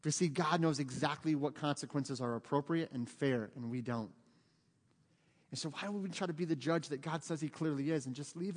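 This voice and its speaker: A middle-aged man from the United States, a pastor preaching a sermon in an earnest, pleading way that builds to emphatic peaks. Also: on the high side. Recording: long church hall reverb.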